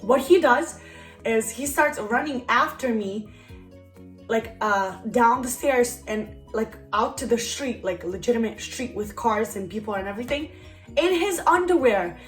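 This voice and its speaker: A woman's voice: on the high side, animated, a little slow. A young woman vlogger telling a casual story time, rambling and full of "like" fillers. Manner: rambling, heavy use of "like" fillers. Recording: roomy echo, faint background music.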